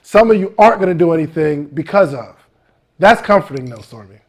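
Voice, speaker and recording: A man hosting a podcast who talks in an excitable, slangy way and says "yo" a lot. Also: on the high side, fairly quick. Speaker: podcast host. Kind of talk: casual interview talk.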